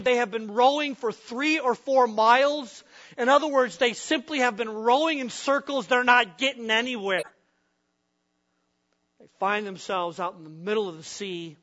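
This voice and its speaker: Bright high-voiced man preaching a sermon. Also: lo-fi sound. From upper Midwest of the US. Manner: asks the congregation questions, acts out voices of frightened men. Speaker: pastor.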